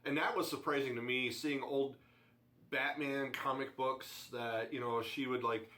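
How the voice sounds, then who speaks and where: Thoughtful guy cohosting, stops and restarts a lot, normal pitch. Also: fairly even intonation, measured pace, sharp tone. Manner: hesitant, thoughtful, restarts often. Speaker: co-host. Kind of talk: casual chat.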